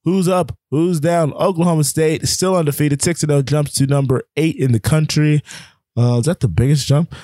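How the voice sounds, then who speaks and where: A man with a slightly high, warm, steady voice co-hosts a casual sports podcast, moving at a moderate pace. He rambles through rankings and scores with plenty of fillers, and the recording is dry and clean studio sound.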